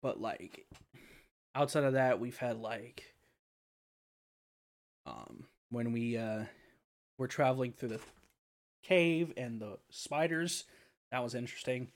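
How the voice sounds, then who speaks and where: A young man hosts a laid-back podcast chat in a medium-pitched voice. He rambles, swears freely and leans on fillers as he talks. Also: takes it slowly, long pauses. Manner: rambling and profane, with frequent fillers and laughter. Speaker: podcast host.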